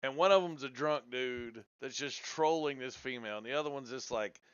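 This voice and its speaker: An American man with a smooth, resonant voice swaps crude, laughing stories in a loose group conversation. The sound is dry and a little muffled. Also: mid-range voice, a little fast, a bit bright, no room sound. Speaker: debate show host. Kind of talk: casual group chat.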